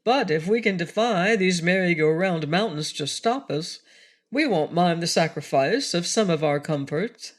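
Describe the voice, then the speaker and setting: A woman as a grave, measured old wizard. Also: on the low side, animated. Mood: earnest. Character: kindly elderly male wizard, careful leader.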